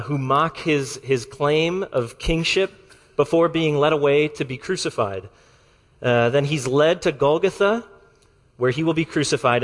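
A man preaching a sermon to his congregation in a measured, deliberate way, slowing down to stress key words. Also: medium pitch, a bit bright, big-room sound. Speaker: pastor.

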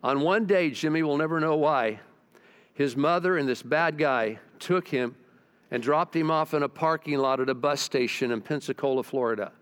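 An older man preaching a sermon as pastor, telling stories and asking the congregation questions, often dropping low and quiet for emphasis. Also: moderate pace, clear, resonant tone.

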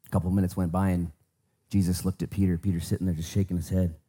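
A male pastor preaching and praying, fervent, swinging from hushed words to emphatic bursts. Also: sits low, level tone, fast talker, slightly rough. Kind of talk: sermon with prayer.

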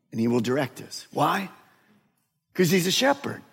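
A middle-aged man preaching a sermon as a pastor, swinging between hushed asides and shouted emphasis. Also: on the high side, big pitch swings, moderate pace, pauses often, slightly rough. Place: large church hall. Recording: long hall reverb.

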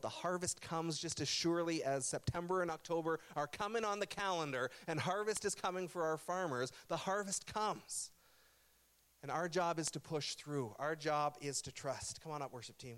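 A man preaching a sermon as pastor, with an impassioned, repetitive cadence, recorded in a church. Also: on the high side. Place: church sanctuary. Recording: loud music under the voice.

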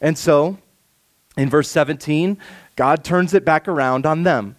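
A man preaching a sermon, reading scripture slowly and softly, then rising for emphasis. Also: a little high. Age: adult with children. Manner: expressive preaching, slows and softens for scripture, rises for emphasis. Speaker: pastor.

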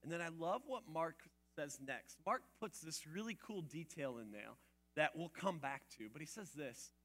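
Bright, high-voiced conversational male preacher. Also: lively intonation, normal speed. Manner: conversational, asks the audience questions; swings between quiet asides and loud emphatic outbursts. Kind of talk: sermon.

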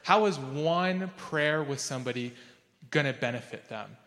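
A man delivers a sermon in an easygoing, talkative manner, full of fillers and sudden jumps upward when he stresses a point. His voice sits at an ordinary middle pitch. The sound carries the long reverb of a large church sanctuary. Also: lively intonation, moderate pace, a bit bright. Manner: casual and chatty, with many fillers like "like"; jumps up in pitch and volume for emphasis and quotes. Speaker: pastor. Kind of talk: conversational sermon.

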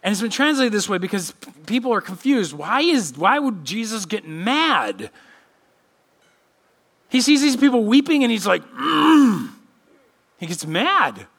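Bright, lively-voiced male preacher. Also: high voice, moderate pace. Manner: expressive preaching, acting out quoted voices. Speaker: pastor. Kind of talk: sermon. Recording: church podcast sermon.

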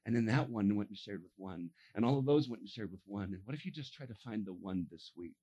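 A man preaching a sermon, telling stories and acting out the voices of the people in them, dropping to a hush and then rising to a shout. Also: lowish voice, expressive, quick pace, breathy edge, dull audio. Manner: acts out voices in his stories, swings from hushed to shouting. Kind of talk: animated sermon storytelling.

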